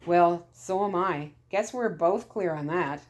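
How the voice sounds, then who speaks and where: A woman voicing a kind, relieved father who is a doctor, speaking gently. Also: lowish voice, unhurried, close to an everyday voice. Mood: tender.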